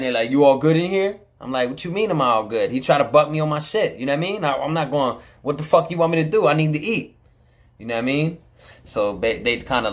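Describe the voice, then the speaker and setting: A man telling a camera about his time in prison, in casual, blunt street talk full of swearing. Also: mid-range voice.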